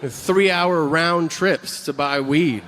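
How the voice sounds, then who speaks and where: A man's voice: a little high, slow, a bit bright. Profane male stand-up comedian. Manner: profane, conversational storytelling. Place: live comedy stage. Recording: noisy live room with reverb. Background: audience laughter.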